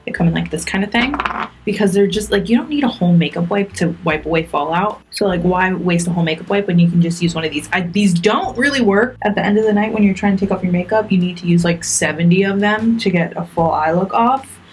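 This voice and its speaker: A woman's voice: lowish voice, quick pace, breathy edge. A young woman chatting casually through a makeup tutorial, self-mocking and talking straight to her viewers. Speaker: beauty vlogger.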